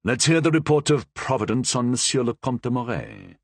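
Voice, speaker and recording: A man voicing a shrewd, guarded older male cardinal in a storybook reading, speaking slowly and probingly. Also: mid-range voice, huge pitch swings, creaky, no room sound, heavily acted. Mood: measured.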